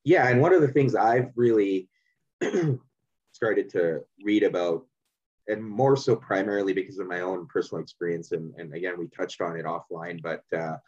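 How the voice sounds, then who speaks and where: A man from Canada hosting a podcast, speaking in a thoughtful, halting way with many restarts. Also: low voice, darkish tone, dull audio. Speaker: podcast host. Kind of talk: reflective conversational interview.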